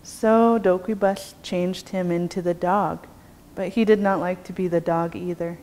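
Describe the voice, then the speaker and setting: Slow, measured woman storyteller. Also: on the low side, steady tone, a little mellow. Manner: slow, measured, rhythmic telling. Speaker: storyteller, language teacher. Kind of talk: traditional storytelling. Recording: long reverb, faint background noise.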